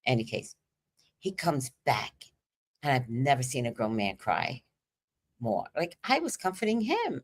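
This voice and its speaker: A woman host telling a candid personal story on a livestream, animated and profane, swinging between loud emphasis and hushed asides. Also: a bass voice, measured pace, pauses often.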